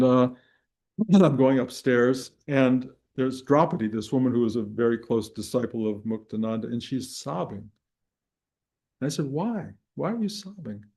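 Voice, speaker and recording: An older man leads a spiritual class, his voice mellow and low in brightness. He tells stories in a meandering way, restarting phrases and chuckling along. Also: moderate pace, gravelly. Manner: rambling storytelling with restarts and chuckles. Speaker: spiritual teacher. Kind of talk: dharma talk to a live and online group.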